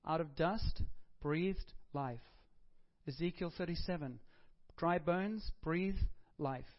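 A man's voice: on the high side, takes it slowly, muffled recording. A man preaching a sermon as pastor, in a conversational style with emphatic rises.

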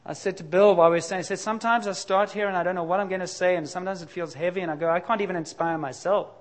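A middle-aged man delivering a sermon in a frank, confessional tone. His voice sits a little higher than most men's, and he moves between relaxed conversation and sudden emphatic bursts. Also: racing. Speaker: pastor.

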